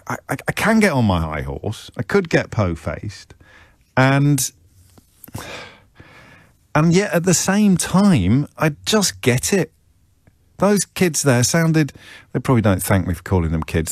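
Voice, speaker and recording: Wry British radio host, lively pitch. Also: male voice, dry recording, clean studio sound. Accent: British English. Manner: conversational, self-deprecating, wry. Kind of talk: talk radio monologue. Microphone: studio microphone.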